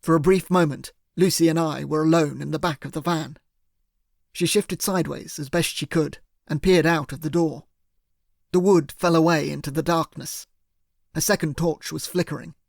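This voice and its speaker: A man narrating an audiobook in the first person, in a measured, steady way. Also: on the high side, gravelly, dry recording, clean studio sound.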